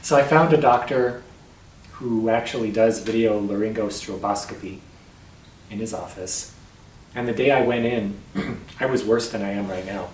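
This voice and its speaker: Vlogger, male, strained voice with throat catches, halting delivery, recorded off-mic in a reverberant room. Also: fairly low pitch, darkish tone, far from the mic, slight background noise. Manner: halting, with frequent restarts and throat clearing. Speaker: vlogger sharing his voice disorder. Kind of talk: personal vlog storytelling.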